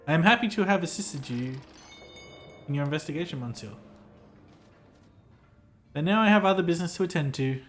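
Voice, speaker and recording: Man voicing pompous hotel clerk, fussy, formal, theatrical, game dialogue, slightly high voice. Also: animated, a little fast, long pauses, fairly bright tone, faint music behind. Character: pompous, self-important male hotel clerk. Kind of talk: reading game dialogue aloud.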